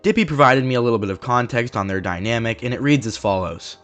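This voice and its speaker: A man narrating a scripted online commentary video as its host, reading in a measured, matter-of-fact way. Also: mid-range voice, lively intonation, fairly bright tone, faint music behind.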